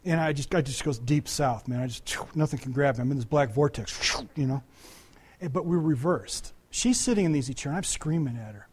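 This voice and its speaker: A man's voice: mid-range voice, animated, brisk, a little mellow, breathy edge. An older man preaching a conversational sermon, talking to the congregation with frequent asides and restarts. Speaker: pastor.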